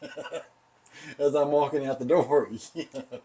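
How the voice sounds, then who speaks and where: A man's voice: a little high, steady tone, unhurried, warm tone, husky. A man with a Southern accent, co-hosting a casual tasting chat and telling rambling stories with frequent laughter. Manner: rambling storyteller, laughs often. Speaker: podcast co-host.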